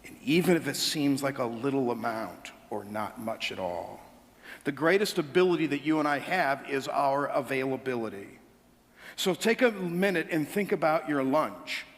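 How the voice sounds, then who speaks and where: A pastor preaching a sermon, telling funny stories and asking the congregation quick asides. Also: male voice, medium pitch, in a large hall. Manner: humorous storytelling, animated asides to congregation. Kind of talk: sermon with anecdotes. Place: church sanctuary.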